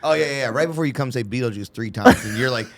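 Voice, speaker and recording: A man's voice: mid-range voice, very fast, fairly bright tone. A man who is a comedian, guesting on a podcast and trading crude jokes with bits of acted-out dialogue. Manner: joking, laughing, acts out quoted lines. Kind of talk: crude casual chat.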